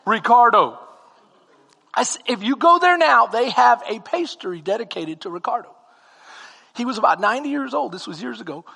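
Male pastor, very high voice, bright and forceful tone, animated comic storytelling, long hall reverb. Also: moderate pace, creaky, slightly rough. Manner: animated, comic, bursts into shouting. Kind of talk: humorous storytelling sermon.

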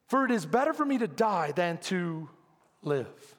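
A male pastor preaching a sermon, dramatic, swinging from hushed asides to shouted lines. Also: very high voice, expressive, a little fast, long reverb tail.

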